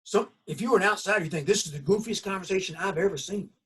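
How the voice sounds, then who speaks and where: A college instructor from the United States, with a Southern accent, speaks at a quick pace in a high, breathy voice. The recording of his course lecture was made from a distance, and he tells it in an animated, folksy, conversational way.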